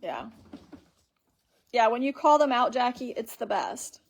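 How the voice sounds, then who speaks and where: A woman's voice: fairly high pitch, sing-song, measured pace. A woman hosting a casual live stream on her phone, rambling through her story and reading viewer comments aloud.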